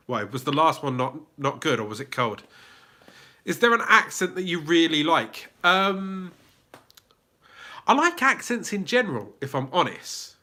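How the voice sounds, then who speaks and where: Man, southern English accent, livestream host, casual and rambling, bright tone, somewhat high voice. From England. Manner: chatty, reads chat aloud, many fillers and restarts. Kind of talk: casual live Q&A chat.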